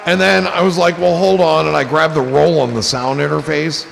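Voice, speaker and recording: A man hosting a live stream, chatting casually and telling rambling, profane stories that turn excited. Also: fairly high pitch, fairly quick, vocal fry, few pauses, in a large hall, soft background music. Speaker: streamer host.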